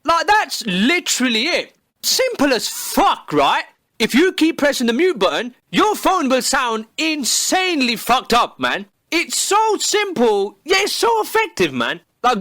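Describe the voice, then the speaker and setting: A man's voice: extremely high pitch, sing-song, moderate pace, bright, forceful tone, no echo, clean studio sound. A man delivering a sarcastic, heavily profane comedic monologue, recorded on a phone. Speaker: comedy video creator.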